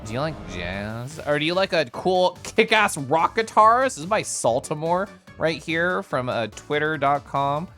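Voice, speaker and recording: A man's voice: a little high, big pitch swings, unhurried, hardly any pauses, pushed and bright, soft background music. A man streaming live, chatting casually and playfully with his chat, often laughing and making silly noises.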